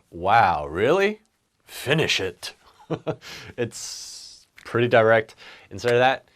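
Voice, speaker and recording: A man teaching a business English lesson with a lively, swinging pitch. He acts out the example phrases as he goes and keeps a relaxed, conversational tone. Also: unhurried.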